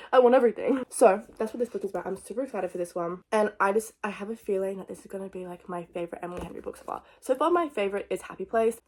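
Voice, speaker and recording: Chatty excitable young woman vlogger. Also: mid-range voice. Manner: chatty and excitable, jumps between thoughts. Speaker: book vlogger. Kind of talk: casual book chat.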